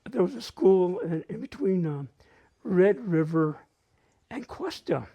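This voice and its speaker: A man's voice: high voice, expressive, a little slow, muffled recording. A man with a northern New Mexico accent telling humorous personal stories at a community open mic and dropping in Spanish phrases. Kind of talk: casual personal storytelling.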